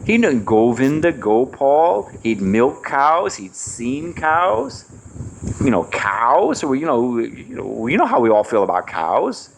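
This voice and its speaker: A man speaking at a devotional retreat, telling a personal story in an animated way and acting out the voices of the people in it. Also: medium pitch, takes it slowly, creaky. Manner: animated, acts out quoted voices.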